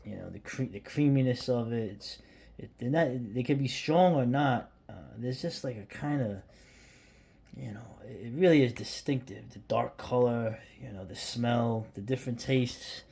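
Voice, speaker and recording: Husky American man, mid-pitch, casual rambling vlogger with hushed asides. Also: normal speed. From United States. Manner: rambling, self-interrupting, drops to a hushed near-whisper when admiring the beer. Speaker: beer vlogger. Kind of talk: casual talk to camera.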